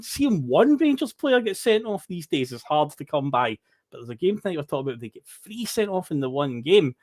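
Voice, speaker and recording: A man's voice: fairly high pitch, dry recording, studio quality. Upbeat Scottish man hosting a podcast. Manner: chatty, upbeat, laughs often. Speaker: podcast host. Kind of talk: casual football podcast chat.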